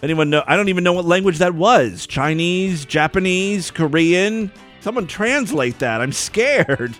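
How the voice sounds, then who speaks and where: A podcast host with a somewhat high, a bit bright voice runs a crude comedy podcast, rambling and mocking in an irreverent, offhand way. He's expressive and unhurried, with faint music playing underneath.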